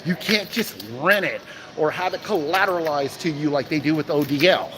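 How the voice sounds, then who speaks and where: At a moderate pace and in a slightly high voice, a crypto livestream host talks into the phone he's holding. The background is noisy, with keys jangling, and he animatedly asks rhetorical questions and calls out viewers by name.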